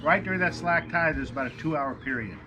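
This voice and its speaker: A man with a slightly raised pitch gives matter-of-fact, brief explanations as a guest expert. His voice comes with clear outdoor noise behind it. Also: quick pace, muffled recording. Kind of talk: casual explaining.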